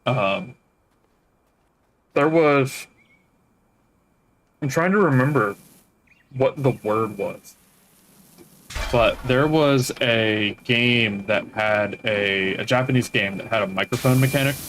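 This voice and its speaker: A man of ordinary pitch talks loosely on a gaming stream, wandering through stories and often stopping to find his words. A faint hiss runs underneath. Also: takes it slowly, pauses often, fairly bright tone, low-quality recording. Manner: rambling storyteller, trails off mid-sentence. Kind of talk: casual chat while gaming.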